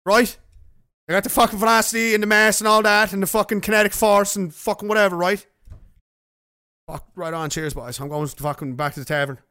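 A man's voice: high voice, steady tone, a little fast, bright, forceful tone, no room sound, clean studio sound. A man from Nova Scotia hosting a casual livestream, rambling and swearing freely as he jokes and reads out viewer messages. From Nova Scotia, Canada. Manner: rambling, profane, joking. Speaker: livestream host.

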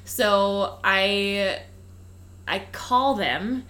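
A woman's voice: medium pitch, extremely slow, fairly bright tone. A young woman co-hosting a podcast, telling a rambling story in casual chat and acting out the people she quotes. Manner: chatty storytelling, acts out quoted exchanges with lots of "like". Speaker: podcast co-host.

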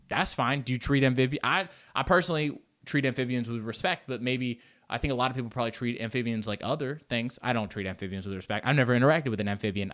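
Male podcast host, comedic storytelling, rambling, sarcastic asides, mid-pitched voice.

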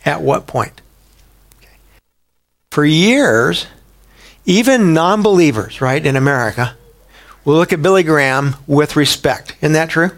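A man preaching a sermon in a conversational way, asking the listeners rhetorical questions and rising sharply in pitch for emphasis. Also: expressive, unhurried, long pauses. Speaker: pastor.

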